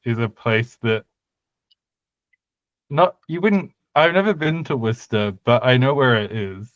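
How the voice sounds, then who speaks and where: A man's voice: medium pitch, expressive, unhurried, no room sound, lo-fi sound. A man co-hosting a podcast, chatting casually and teasing his co-host. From United Kingdom. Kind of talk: casual chat.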